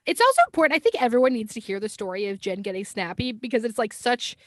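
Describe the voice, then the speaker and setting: A woman's voice: fairly high pitch, expressive, quick pace, no room sound, studio quality. A woman co-hosting a podcast, telling stories animatedly, laughing often and swearing casually, recorded over a remote call. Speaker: podcast co-host. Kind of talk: casual chat.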